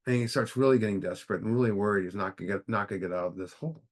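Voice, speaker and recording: A man leading a recovery book study, telling a story in a casual, conversational way with halting restarts. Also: lowish voice, steady tone.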